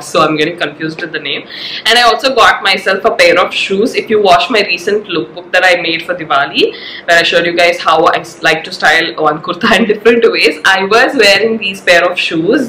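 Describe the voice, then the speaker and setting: A woman's voice: on the low side, pushed and bright, roomy sound, slight background noise, rough recording. Nasal woman with a cold. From India. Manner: chatty, many uh fillers. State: has a cold. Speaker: shopping vlogger. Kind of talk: casual shopping haul vlog.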